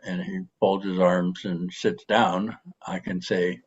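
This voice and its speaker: An older man with grandchildren, explaining calmly on a podcast with frequent pauses and fillers. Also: deep voice, husky. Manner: calm, explanatory, frequent hesitations. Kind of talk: podcast conversation. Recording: dull lo-fi sound.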